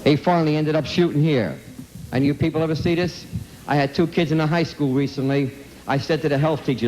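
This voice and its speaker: A man's voice: a little high, fairly quick, a little mellow, slight background noise. A man with a slightly raised voice speaks to a hall of students in an emphatic anti-drug talk. He talks bluntly in streetwise words, repeats key points and keeps firing direct questions at his listeners. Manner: emphatic and repetitive, asks the audience direct questions.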